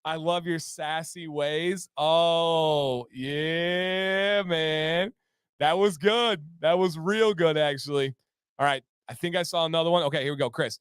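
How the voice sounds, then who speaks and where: A man's voice: high-pitched, lively intonation, unhurried, a bit bright, smooth, no room sound, clean studio sound. A man hosting a casual livestream, reading out chat comments in an upbeat, playful way. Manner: upbeat, reads chat aloud and breaks into playful raps. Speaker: livestream host.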